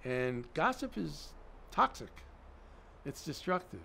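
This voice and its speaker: A man's voice: a little high, slow pace, gravelly, slight background noise. Man telling stories in an interview. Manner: animated storyteller, acts out quoted dialogue. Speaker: interview guest, producer. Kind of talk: storytelling in a conversational interview.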